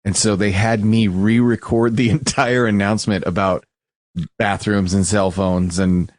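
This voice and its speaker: A young adult man hosting a casual podcast, animated and laughing, stumbling over restarts. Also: lowish voice, a little slow, no room sound. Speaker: podcast host.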